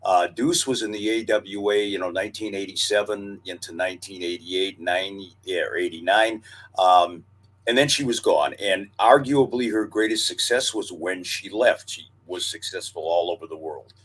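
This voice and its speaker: Husky low-voiced man, casual chat. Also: normal speed, a bit bright. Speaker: podcast co-host, wrestling historian.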